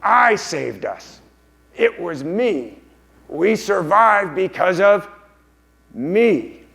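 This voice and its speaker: Man putting on a taunting, raspy-edged creature voice. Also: high voice, very animated, drawn-out words, fairly bright tone, pitched above the performer's own voice, exaggerated voice. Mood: self-pitying. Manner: taunting, self-pitying. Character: sneering, possessive creature alter ego, male.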